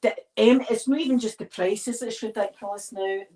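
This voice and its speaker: A woman's voice: fairly high pitch, normal speed, mellow. Chatty Scottish woman rambling. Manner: rambling, digressive storytelling. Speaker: ASMR video creator. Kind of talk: casual chat while decorating a tree.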